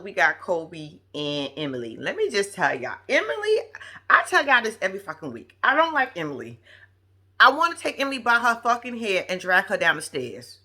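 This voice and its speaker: A woman's voice: mid-range voice, very animated, a little fast, pushed and bright, husky. A woman giving casual, profane, gossipy commentary on a reality TV episode, laughing often as she talks. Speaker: reality TV recap vlogger.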